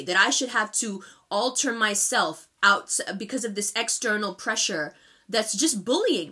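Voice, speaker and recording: A woman's voice: mid-range voice, expressive, measured pace, pushed and bright, breathy edge. A woman in her thirties giving a tarot reading straight to her viewers, speaking with emphatic, impassioned directness. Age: 30s. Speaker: tarot reader. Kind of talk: direct-to-camera monthly reading.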